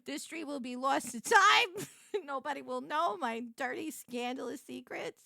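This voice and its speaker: A woman's voice: sits high, measured pace, creaky, sharp tone, no echo, studio quality. A woman streamer in casual game stream chat, giggly and gushing, swooning often.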